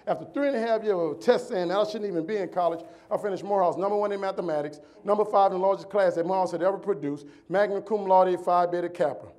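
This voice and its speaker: A keynote speaker in his forties from New Orleans gives a preacherly motivational speech on a convention stage, building rhythmic lists as his voice swings from loud to hushed. He has a high voice, talks at a quick pace, and barely pauses.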